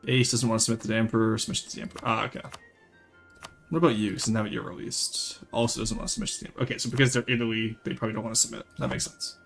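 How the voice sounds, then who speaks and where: A man's voice: mid-range voice, very fast, creaky, faint music behind. A young man from rural Canada, giving live gameplay commentary and chatting with viewers. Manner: lively, chats with viewers while playing. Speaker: streamer.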